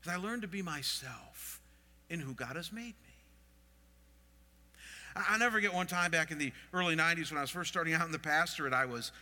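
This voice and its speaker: A middle-aged man delivers a sermon in a high, very bright voice, questioning his listeners as he goes. His pastor's voice rings out with a long reverb from the hall around him. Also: brisk, long pauses. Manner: expressive, asks the audience questions.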